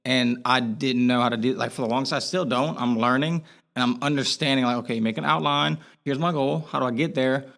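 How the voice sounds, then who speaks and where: A man's voice: mid-range voice, fairly quick, creaky, fairly bright tone. Earnest rambling young man. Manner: earnest, rambling, frequent "like" fillers and restarts. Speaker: podcast guest. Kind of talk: candid interview conversation.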